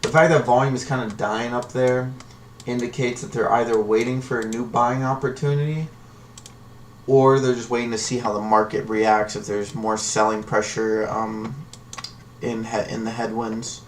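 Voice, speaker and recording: A man's voice: mid-range voice, little pitch movement, moderate pace. A man hosting a live trading stream, talking casually and ramblingly in a slangy way. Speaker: livestream stock trading host. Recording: distant from the mic with faint noise.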